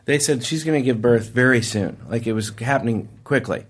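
A man's voice: medium pitch, brisk. A man hosting a podcast, telling a long story in casual chat, often restarting and repeating his phrases. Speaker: podcast host.

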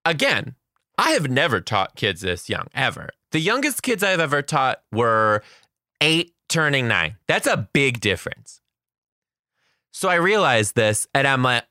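A man who teaches kindergarten, telling classroom stories in a casual, slangy, animated way. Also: medium pitch, unhurried, no room sound, clean studio sound. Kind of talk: casual storytelling vlog.

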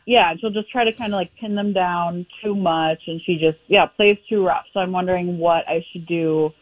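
A woman calling into a radio show, talking casually and haltingly with fillers. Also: fairly low pitch, steady tone, no room sound. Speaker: caller. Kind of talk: call-in phone conversation. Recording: tinny phone line.

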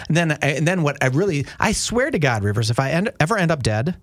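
A man co-hosting a casual chat show, speaking. His voice sits a little high and swings lively as he rambles through self-deprecating stories. The sound is dry and close. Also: quick pace, few pauses, dry recording.

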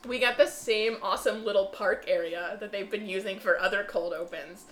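A woman's voice: medium pitch, fairly quick, a bit bright, roomy sound, a little hiss or hum. A young woman co-hosting a podcast, talking loosely and laughing easily. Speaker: podcast co-host. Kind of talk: casual chat.

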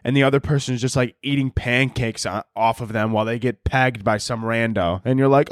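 A man's voice: medium pitch, moderate pace, dry recording, clean studio sound. A young man hosting a comedy podcast, telling a rambling, profane, sarcastic monologue and laughing often. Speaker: podcast host.

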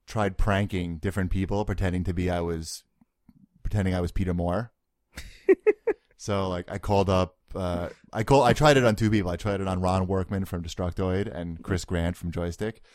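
Young guy hosting a podcast, lowish voice, dry close mic, jokey. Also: normal speed, no room sound. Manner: relaxed, joking, laughs often. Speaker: podcast co-host. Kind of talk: casual chat.

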